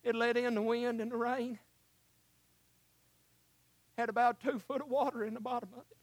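A male preacher, delivering a sermon that swings from shouts to hushed, emotional asides and calls the listeners honey. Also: very high voice, level tone, moderate pace, dry recording.

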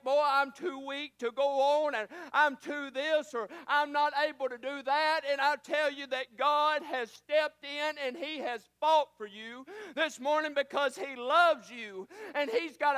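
High, bright-voiced preacher man. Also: no room sound. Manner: preaching with rises and drops, repeating phrases. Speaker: pastor. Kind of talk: sermon.

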